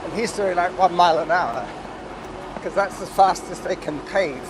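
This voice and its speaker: A man's voice: high-pitched, normal speed. A man chatting casually on a run, explaining things as he goes, recorded outdoors beside a road. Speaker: running companion. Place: outdoors by a road being paved. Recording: outdoor recording with loud traffic noise. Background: traffic and street ambience.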